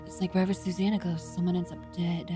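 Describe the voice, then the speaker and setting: A woman's voice: fairly low pitch, flat delivery, fast, music in the background, pitched below the performer's own voice, lightly acted. A woman voicing an uneasy, suspicious detective's assistant in a video game, speaking in a wary, subdued way.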